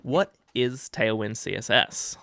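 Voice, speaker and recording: A man's voice: medium pitch, animated, unhurried, gravelly, pushed and bright, no room sound. A man co-hosting a podcast, chatting casually and joking often with his co-host. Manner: jokey, laughs often.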